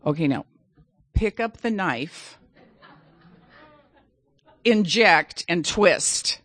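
A woman's voice: on the low side, lively intonation, very slow, fairly bright tone. A middle-aged woman telling a personal story in a dramatic, self-mocking way.

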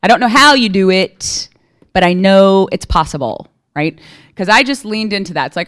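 A woman's voice: on the low side, animated, brisk, a bit bright. A woman giving a candid, conversational recovery testimony at a meeting, often checking in with her listeners. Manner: candid and conversational, keeps asking "right?". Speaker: speaker sharing at a recovery meeting.

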